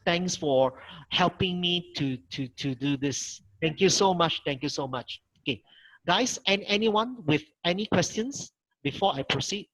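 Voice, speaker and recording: Teaching Mandarin in an online video-call workshop, this middle-aged lecturer with a Malaysian English accent is patient, repeats his points, and models tones. He has a high, animated, slightly bright voice at a measured pace, captured in a rough recording.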